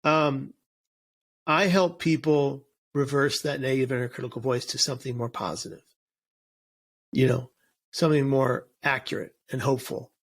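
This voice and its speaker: A man's voice: medium pitch, fairly even intonation, moderate pace. A man speaking as an interview guest and suicide prevention speaker, earnest and emphatic, often restarting and repeating words. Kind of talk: casual interview chat.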